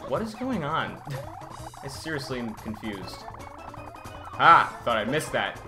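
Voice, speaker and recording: A man's voice: mid-range voice, very animated, unhurried. A man giving let's-play commentary, easily frustrated, exclaiming and grumbling at the game as he plays. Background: game music.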